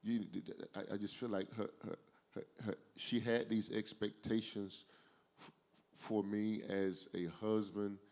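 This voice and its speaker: A man's voice: fairly low pitch, darkish tone. A man hosting a talk, earnestly telling a personal story in a reflective way.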